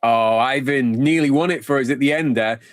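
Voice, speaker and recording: A man's voice: medium pitch, moderate pace, no room sound, clean studio sound. Chatty man musing over his game. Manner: rambling, thinking aloud, chatty. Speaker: game streamer. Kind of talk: casual live-stream commentary.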